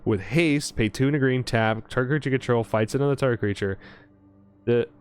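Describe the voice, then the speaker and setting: A young man casually narrating a card pack opening, reading card text aloud quickly and reacting with excitement. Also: medium pitch, clear, resonant tone. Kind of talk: casual commentary while opening card packs.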